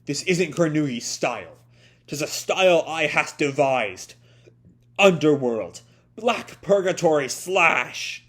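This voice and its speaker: An exhausted male swordsman speaks in stiff, archaic phrasing as a man reads him aloud. He proclaims his attack names loudly. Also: a little high, animated, measured pace. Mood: proclaiming. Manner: formal, old-fashioned phrasing.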